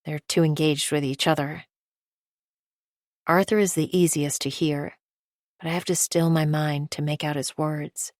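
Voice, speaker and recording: A woman narrating a thriller audiobook in the first person with a steady, measured reading. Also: deep voice, no room sound, studio quality.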